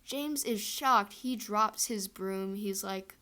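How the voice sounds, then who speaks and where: A woman's voice: mid-range voice, takes it slowly, pushed and bright. A young woman telling a fan headcanon story in a chatty, rambling way, full of fillers.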